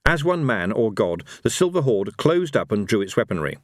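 A man reads an audiobook with a lively, expressive delivery, his pitch moving freely. The recording is dry and close. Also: normal speed, dry recording. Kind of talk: audiobook narration.

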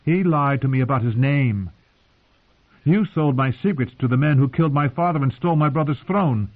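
A man reading aloud, voicing a proud, wounded young queen who asks sharp, accusing questions, heard through narrow phone-like sound. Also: medium pitch, moderate pace, voice pushed up, close to an everyday voice. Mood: bitter.

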